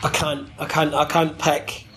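Male commentator guest; animated rambler who swears and laughs, pitched a little high. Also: a little slow, rough recording. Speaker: wrestling commentator. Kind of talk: casual podcast interview.

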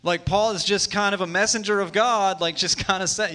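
Bright-voiced man in his thirties preaching. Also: high-pitched, steady tone, moderate pace. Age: 30s. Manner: conversational, shifting from hushed to emphatic. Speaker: pastor. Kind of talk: sermon.

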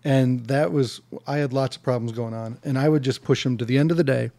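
A man hosting a casual podcast interview, talking in a relaxed, reflective way. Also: medium pitch, a little fast, gravelly. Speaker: podcast host.

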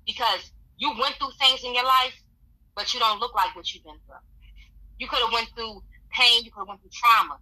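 A woman with a strikingly bright, forceful voice gives motivational advice as a podcast guest. She speaks earnestly and encouragingly, and she returns often to repeated affirmations. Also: on the high side, moderate pace, poor audio.

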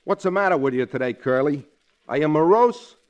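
A man's voice: on the high side, expressive, a little fast, lo-fi sound, heavy background noise, close to an everyday voice. A man playing a brash, slangy, wisecracking male pal and secretary in a 1940s radio sitcom. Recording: old radio broadcast with studio audience.

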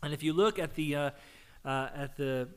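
Man preaching with a voice going hoarse. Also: on the high side, normal speed, a bit bright. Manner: conversational, poses and answers questions. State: losing his voice from a cold. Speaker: pastor. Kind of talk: sermon.

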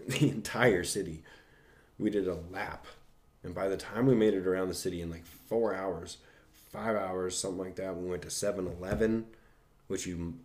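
A young man telling a casual, profanity-laced anecdote in a rambling way. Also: low-pitched.

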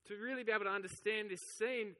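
A man's voice: high-pitched, steady tone, fast, sharp tone, long reverb tail. A man preaching a sermon, telling the story with animation and acting out the voices of the crowd. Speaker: pastor.

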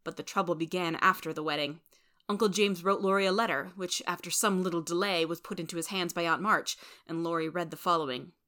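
A woman narrating a storybook in a steady, clear reading voice. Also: lowish voice, brisk. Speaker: reader.

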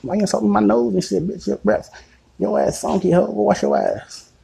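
A man voicing a sassy, irritated young woman who scolds back in a shrill, mocking tone. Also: fairly even intonation, a little fast, creaky, mellow, slightly rough, full character voice. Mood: indignant.

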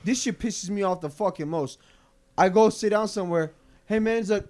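A man's voice: high-pitched, brisk, darkish tone. A man from New York, co-hosting a podcast, ranting heatedly and swearing in casual chat. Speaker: podcast co-host.

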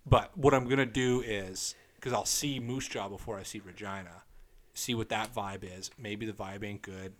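A young man co-hosting a podcast, his voice fairly low and his pace moderate, tells a crude dating story in casual banter. He animatedly acts out both sides of a text exchange and swears often.

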